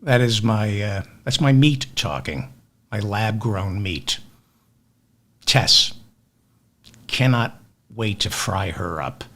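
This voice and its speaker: Exasperated sardonic man, lively pitch. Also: takes it slowly, long pauses. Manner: sardonic and exasperated, rants and asides. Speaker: podcast host. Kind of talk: comic news commentary. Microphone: webcam with automatic tracking.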